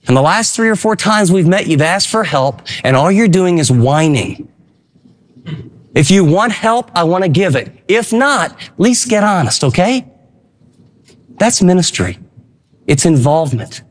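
A man's voice: sing-song, unhurried. A man preaching a sermon, reading scripture and urging his listeners with passion. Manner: impassioned preaching, rising high when quoting encouragement. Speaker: pastor.

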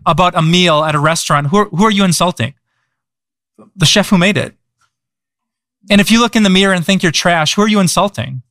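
A male pastor preaching in a conversational way, often asking the audience questions and repeating words as he goes. His voice sits a little higher than most men's. The sound is dry and close. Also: a bit bright, dry recording. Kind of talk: sermon. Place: church.

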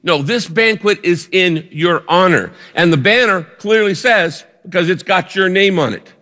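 A man's voice: sits high, measured pace, pushed and bright, long reverb tail. A male pastor preaching a sermon, painting a vivid story for the congregation and repeating words as he builds a point.

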